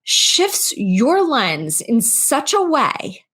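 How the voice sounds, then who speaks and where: A woman's voice: high voice, wildly swooping pitch, extremely slow, a bit bright, husky. A woman hosting a podcast as a trauma coach, explaining steadily and emphatically. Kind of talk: casual conversation.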